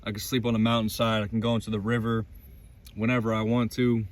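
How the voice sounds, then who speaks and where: A man's voice: fairly low pitch, flat delivery, quick pace. A man vlogging from inside his van in the mountains, giving casual motivational faith talk in an intense, emphatic way and swearing freely.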